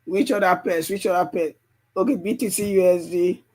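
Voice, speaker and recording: A man with a high, slightly mellow voice talks briskly while coaching on a live trading stream. Going over charts in real time, he sounds strained and tired, repeating himself and asking "you understand?" over and over.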